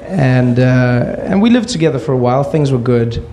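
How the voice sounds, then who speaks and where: Male stand-up, creaky voice, deadpan storytelling. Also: mid-range voice, a little hiss or hum. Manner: deadpan asides in a slow build. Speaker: stand-up comedian.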